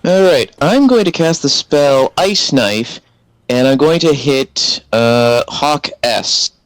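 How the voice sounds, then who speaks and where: Man player, mid-pitched voice, dry close sound, methodical rule talk. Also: lively intonation, slow pace, no echo, rough recording. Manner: methodical, explaining rules step by step. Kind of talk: casual tabletop game play.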